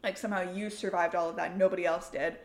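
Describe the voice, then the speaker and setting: A woman's voice: lowish voice, steady tone, fast talker, reverberant. A woman co-hosting a casual movie review podcast, blunt and opinionated, with lots of "like" in her speech. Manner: blunt, opinionated, says "like" often. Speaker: podcast co-host.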